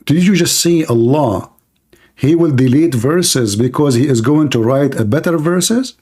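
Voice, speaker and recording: A man's voice: on the high side, measured pace, darkish tone, slightly rough. A man hosting a heated online debate, insistent and interrupting, repeating his demands. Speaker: debate host.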